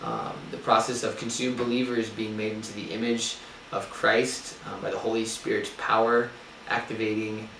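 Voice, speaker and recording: An earnest young man delivers a sermon-style talk in a fairly low voice, pausing often on ums. He is heard from some distance in a reverberant room. A faint hiss runs under it. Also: little pitch movement, gravelly, fairly bright tone. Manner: earnest, with frequent ums and restarts. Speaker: speaker giving a spiritual talk. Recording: echoey room, distant mic, faint noise.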